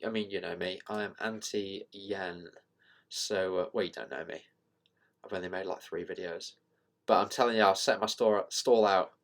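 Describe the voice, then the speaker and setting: A man with a fairly low voice talks his way through trading charts in a loose, thinking-out-loud ramble. He trails off, corrects himself and shrugs things off as he goes, a casual host at his desk mic. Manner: rambling, self-deprecating, thinking out loud with fillers. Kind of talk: casual screen-share market commentary.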